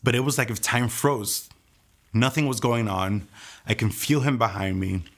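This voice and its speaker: A man telling his personal testimony in an earnest, soft-spoken way. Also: mid-range voice, normal speed. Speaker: testimony speaker.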